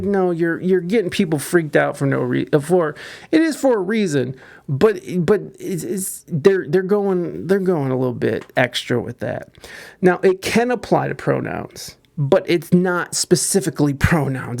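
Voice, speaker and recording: A man's voice: a little high, lively intonation, unhurried, vocal fry. A man hosting a podcast, giving casual, profane news commentary with many restarts. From United States. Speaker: podcast host.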